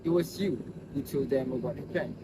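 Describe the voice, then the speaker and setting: A man voicing a hard, cold male gang leader who talks in clipped accusations and flares into shouting. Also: medium pitch, brisk, lightly acted. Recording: distant mic, loud background noise.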